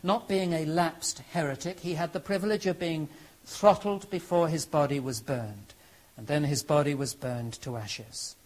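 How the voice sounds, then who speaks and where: Male lecturer with a slightly raised pitch, earnest and emphatic, telling history to an audience. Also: normal speed, a little mellow, poor audio. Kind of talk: historical lecture with dramatic readings.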